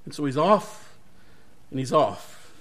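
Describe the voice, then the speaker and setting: A man's voice: medium pitch, big pitch swings, slow, fairly bright tone. A male pastor giving a sermon, retelling a Bible story animatedly and correcting himself as he goes.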